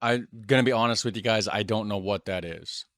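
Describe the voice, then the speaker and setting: A man's voice: fairly low pitch, brisk, a bit bright, no echo. Rambling American guy on a dry mic. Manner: self-deprecating, rambling. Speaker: reaction video host. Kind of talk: casual commentary.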